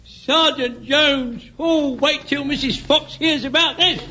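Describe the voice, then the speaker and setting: An older actor playing an elderly, excitable male butcher and Home Guard corporal, eager and fussy, in a radio sitcom. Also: very high-pitched, slow pace, very noisy. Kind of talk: 1970s radio sitcom acting. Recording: dull old radio recording.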